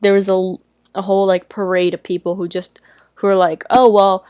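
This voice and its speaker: A woman's voice: medium pitch, level tone, normal speed, darkish tone, slight background noise. A woman co-hosting a podcast, talking bluntly and outspokenly in casual chat. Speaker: podcast co-host, streamer.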